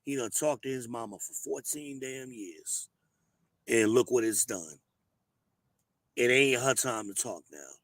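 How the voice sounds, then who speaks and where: A hoarse man, hosting an advice show and talking bluntly and emphatically. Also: medium pitch, a little slow, pauses often, no room sound. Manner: emphatic, preachy, blunt with cursing. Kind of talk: casual advice monologue.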